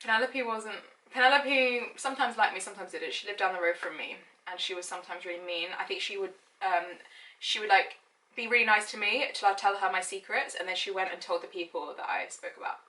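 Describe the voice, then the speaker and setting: A woman's voice: mid-range voice, fairly even intonation, fairly quick, pushed and bright, far from the mic. A woman in her late twenties, chatty and self-mocking, reading her childhood diary aloud and giggling now and then. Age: late 20s. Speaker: lifestyle blogger. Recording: echoey room, mic set back.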